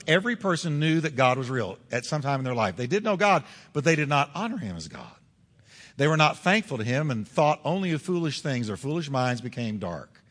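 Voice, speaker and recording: A man's voice: on the high side, fairly bright tone, big-room sound. A male pastor preaching a sermon in a church, emphatic and full of rhetorical questions. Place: church sanctuary.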